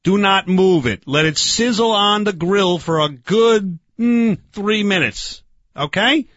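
A man's voice: high voice, slow, fairly bright tone, no echo, dull audio. A man playing a brash, bossy backyard grill-master who lectures and talks over others, in a comedy sketch. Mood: blustering. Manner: bossy, blustering, keeps interrupting, mangles words.

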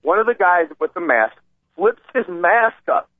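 A man calling in to a radio show and telling an animated, rambling story, acting out the voices of the people in it. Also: high voice, unhurried, no echo. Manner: excited, acts out quoted voices, rambling. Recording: tinny phone line, dry.

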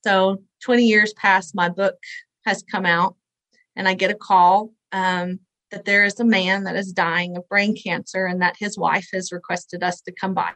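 A woman's voice: mid-range voice, level tone, normal speed, fairly bright tone, dry recording, poor audio. Earnest woman in her forties telling a story. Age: 40s. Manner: earnest, conversational, acts out quoted voices. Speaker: interview guest, author. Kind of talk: personal storytelling in an interview.

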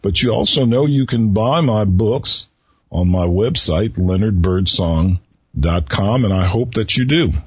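A man hosting his own radio show, telling riddles to listeners in a slow, folksy, teasing way. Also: on the low side, breathy edge, no echo, lo-fi sound. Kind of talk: solo radio talk with riddles.

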